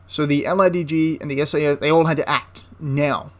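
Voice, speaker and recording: A man recounting a wartime episode in an easygoing, talkative way. His voice sits a little high for a man, and he often backtracks, repeats himself and adds asides mid-thought. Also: steady tone, brisk. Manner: rambling, with frequent restarts and asides. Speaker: history channel host. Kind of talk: casual history storytelling.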